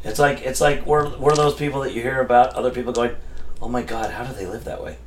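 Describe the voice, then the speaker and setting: A man's voice: medium pitch, fairly even intonation, quick pace, slight background noise. Joking, foul-mouthed man in his fifties. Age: 50s. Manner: joking, teasing, swears freely. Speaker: podcast co-host. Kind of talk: casual chat.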